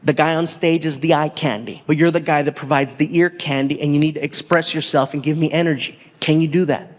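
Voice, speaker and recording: A man voicing a pushy, intense male film director in a lower, gruff voice. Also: fairly even intonation, a little fast, in a large hall, natural voice. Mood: coaching.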